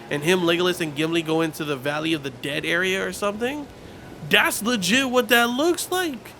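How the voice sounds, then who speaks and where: A man giving casual live commentary while streaming a game, talking to his chat in an excitable, rambling, slangy way. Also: high voice, a little fast, noisy background. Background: game music.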